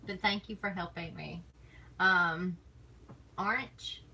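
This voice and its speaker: Woman, streamer, casual chat, rambling, teasing, bright voice, faint background noise. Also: lowish voice, fairly even intonation, slow pace, rough recording. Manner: rambling, laughs often, teasing.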